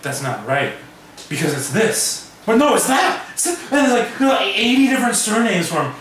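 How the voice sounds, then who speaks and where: A man's voice: sits high, a bit bright. A man improvising a comic tall tale, rambling and swearing, laughing often and filling gaps with "like", recorded from a distance in a very echoey space. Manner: rambling, profane, laughing, many fillers. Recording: very echoey, distant, crowd noise.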